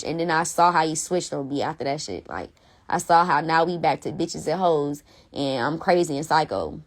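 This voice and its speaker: Blunt, profane woman ranting, lower voice. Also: animated, normal speed. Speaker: live-stream host. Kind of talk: heated casual rant. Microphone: phone.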